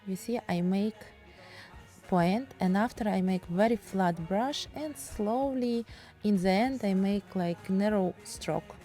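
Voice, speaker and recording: A woman's voice: mid-range voice, takes it slowly, warm tone, soft background music. A woman with a Russian accent teaching painting in a casual, chatty tutorial, speaking in broken English.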